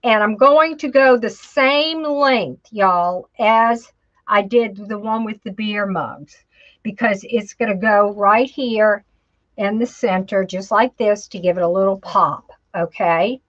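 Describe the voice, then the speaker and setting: A woman talks her viewers through a craft project, unhurried and thinking aloud as she works. Her voice is mid-pitched, and the livestream audio sounds a little dull. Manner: chatty, talks to herself while working, says "y'all". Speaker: craft instructor. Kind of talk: live crafting tutorial.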